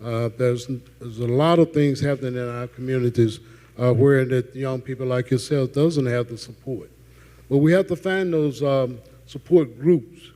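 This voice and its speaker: A man's voice: medium pitch, normal speed, warm tone, in a large hall. A panelist man answering an audience question, earnest and repeating himself with fillers.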